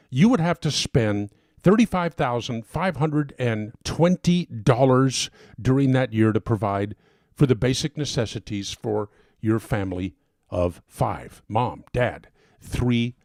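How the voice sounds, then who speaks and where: Male advocate, emphatic and fired up, mid pitch, dry close sound. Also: a little mellow, no room sound. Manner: emphatic, gets worked up. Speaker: fair tax advocate giving a talk. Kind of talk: persuasive talk.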